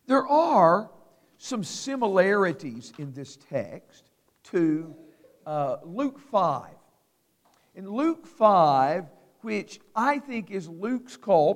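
A man preaching a sermon, slow and emphatic with dramatic pauses. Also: sits high. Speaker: pastor. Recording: long hall reverb.

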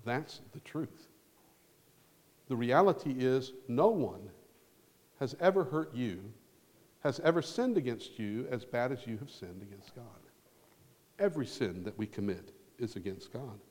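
A man preaching a sermon as a pastor, earnest, swelling loud on key words and dropping nearly to a whisper. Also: mid-range voice. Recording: long hall reverb.

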